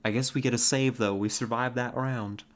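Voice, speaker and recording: A woman streaming a game, chatting casually and excitedly, laughing often and making playful growling noises. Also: extremely low pitch, moderate pace. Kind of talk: casual live-stream commentary.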